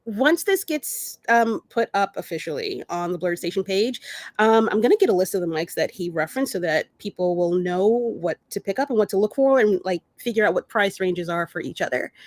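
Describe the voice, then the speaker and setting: A woman's voice: medium pitch, lively intonation, moderate pace, no echo. A woman hosting a casual podcast chat, speaking hesitantly with many fillers and laughing easily. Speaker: podcast host.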